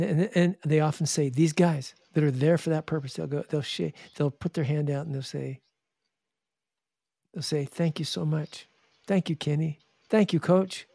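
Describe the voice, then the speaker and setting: A man telling stories in an interview in an animated way, often restarting and acting out the people he quotes. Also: on the high side, creaky, no room sound, clean studio sound. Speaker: charity founder and guest. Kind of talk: interview storytelling.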